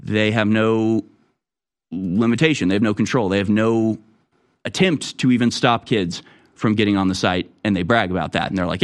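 A man's voice: lowish voice, normal speed. A man delivering a political commentary monologue in a sarcastic, mocking way. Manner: sarcastic, mocking impressions in raised voice.

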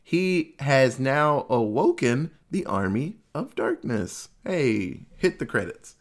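A man's voice: mid-range voice, sing-song, slow. A man casually recapping a movie plot in a loose, jokey way, swearing freely.

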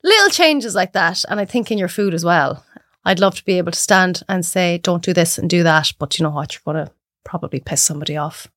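A woman with an Irish accent, a cook chatting as a podcast guest, telling animated stories and acting out other people's voices. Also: fairly low pitch, fast talker, no echo, clean studio sound. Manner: animated storyteller who acts out voices. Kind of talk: casual chat.

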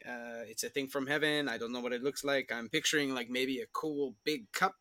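A young man playing a tabletop game, lively and joking in casual talk. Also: mid-range voice, normal speed, dry recording. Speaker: player.

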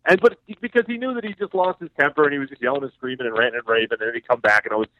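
Male phone-in guest, mid-pitched voice, relaxed rambling anecdotes, tinny phone line. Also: very fast, a little hiss or hum. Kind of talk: casual chat, storytelling.

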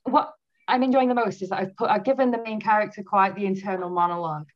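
A woman author talks through an easygoing interview, breaking into laughter often. Her voice sits at an ordinary pitch. The audio is muffled and lo-fi. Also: steady tone, fast. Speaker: author guest. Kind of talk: casual interview chat. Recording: dull lo-fi audio.

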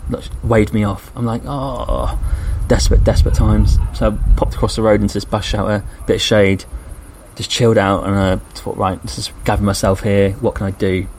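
A man's voice: lowish voice, a little fast, slight background noise. Chatty English man telling a travel story. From England. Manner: chatty, animated when quoting people. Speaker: podcast host.

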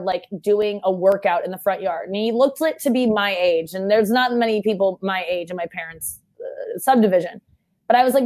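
A young woman in casual chat, telling a story fast and animatedly and shouting out the quoted lines. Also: medium pitch.

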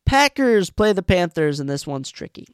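A man's voice: high voice, big pitch swings, moderate pace, clear, resonant tone, no echo, studio quality. A man hosting a casual solo sports podcast, thinking aloud and often stopping to restart and correct himself. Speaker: podcast host.

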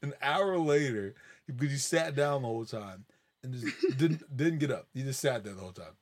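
A man's voice: mid-range voice, lively intonation, normal speed. A man hosting a casual podcast, telling rambling, profane family stories with lots of "like". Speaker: podcast host. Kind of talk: casual storytelling chat.

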